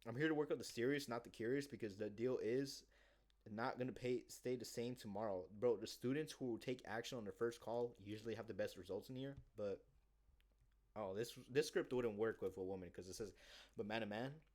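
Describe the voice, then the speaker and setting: A man in a casual vlog monologue, rambling cockily and with profanity as he acts out a sales pitch. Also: fairly quick, a little mellow. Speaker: sales job seeker.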